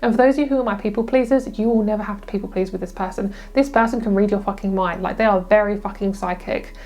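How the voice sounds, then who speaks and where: Young woman tarot reader, excitable and gushing, casual and profane, mid-pitched. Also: fast talker. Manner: gushing, excitable, swears freely. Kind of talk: casual pick-a-card tarot reading.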